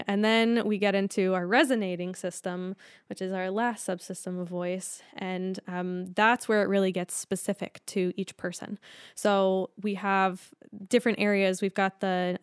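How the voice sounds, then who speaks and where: A woman talks through her profession in an easygoing interview, full of "like" and quick laughs. Her voice is smooth and resonant at a middle pitch. The recording is close and dry. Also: no room sound. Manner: chatty, fills with "like" and "um", laughs easily. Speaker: speech language pathologist guest. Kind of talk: casual explanatory interview talk.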